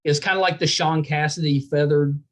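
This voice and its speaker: A man's voice: a little high, fairly even intonation, brisk. A middle-aged man from West Virginia with a West Virginian accent, hosting a podcast interview in casual, jokey chat full of fillers and restarts. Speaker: podcast host.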